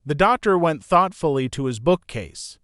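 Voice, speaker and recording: A man narrating a gothic audiobook in an expressive storytelling manner. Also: fairly high pitch, normal speed, no echo, studio quality. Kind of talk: scripted narration.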